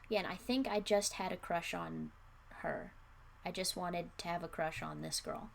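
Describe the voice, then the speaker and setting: A young woman with a slightly low voice reads her old story aloud, pausing for wry, self-mocking asides. A faint hiss sits under her voice. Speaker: streamer. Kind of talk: reading aloud with casual asides.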